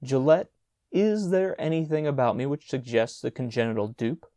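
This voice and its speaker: Mister Brownell, a man doing a shrill outraged schoolmaster. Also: animated, moderate pace, warm tone, dry recording, natural voice. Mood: aggrieved. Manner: outraged exclamations. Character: shrill, indignant, prim new schoolmaster.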